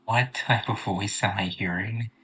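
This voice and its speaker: A man's voice: fairly low pitch, fairly even intonation, a little slow, fairly bright tone, husky, poor audio. A man playing in a tabletop game, asking questions and describing his character's actions. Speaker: player.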